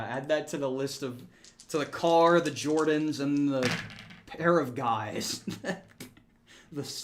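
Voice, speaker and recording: A man streaming a strategy game, joking with chat, laughing often and counting numbers aloud. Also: fairly high pitch. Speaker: gaming streamer. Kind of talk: casual live-stream chat.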